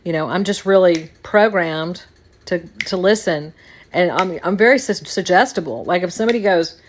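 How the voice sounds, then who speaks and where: A woman's voice: fairly low pitch, normal speed, a little hiss or hum. A woman hosting a podcast, talking casually in a rambling monologue and repeating phrases for emphasis. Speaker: podcast host.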